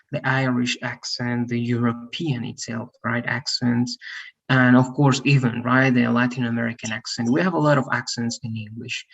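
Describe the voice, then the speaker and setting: A man's voice: medium pitch, gravelly, husky, highs cut off. A man teaching an English lesson over a video call, patient, often checking in with "right?". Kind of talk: one-on-one online English lesson.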